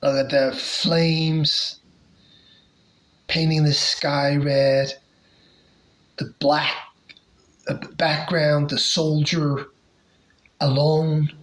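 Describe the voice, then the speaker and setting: Slow-talking collector showing comic covers, lots of ums, easygoing chat. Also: mid-range voice, flat delivery, low-quality recording. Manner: hesitant, many fillers and restarts. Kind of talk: casual collection showcase.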